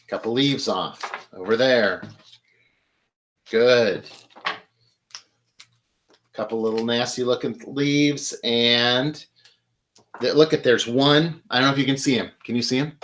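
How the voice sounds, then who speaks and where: Male florist host, mid-pitched chatty teaching voice, faint background noise. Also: a bit bright. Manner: chatty, repeats tips for emphasis. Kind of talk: live tutorial demonstration.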